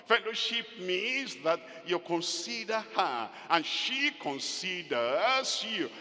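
A man preaching a sermon with emphatic, drawn-out phrasing and sudden loud rises. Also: sits high, in a large hall.

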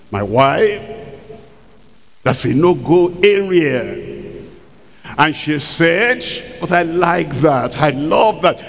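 A man preaching a sermon, full of rhetorical questions and acted-out quotes. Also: a little high. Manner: emphatic, rhetorical questions, acts out quoted people. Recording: long hall reverb.

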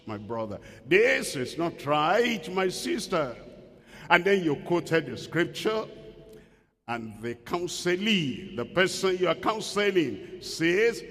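A man's voice: high-pitched, fairly bright tone. A man preaching a sermon emphatically, asking rhetorical questions and acting out quoted voices. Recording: long hall reverb.

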